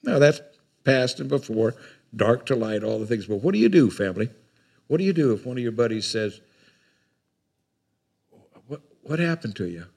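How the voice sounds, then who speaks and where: A man's voice: mid-range voice, expressive, a little fast, vocal fry, a little mellow. An older man with a drawl delivers a sermon. His talk is homespun and rambling. He often repeats words as he works his way toward a point. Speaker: preacher.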